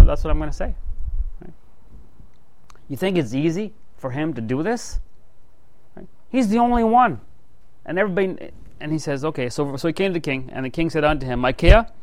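A man's voice: a little high, no echo, low-quality recording. A man teaching a Bible study, reading scripture aloud and then commenting in a casual, conversational way with frequent asides to his listeners. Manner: frequent "you know" and "right?" asides.

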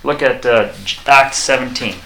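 Male preacher, sermon, bright voice, echoey room, reads scripture, acts out quotes. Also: unhurried, slight background noise. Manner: animated, acts out quoted lines with rising pitch; reads scripture aloud in King James wording.

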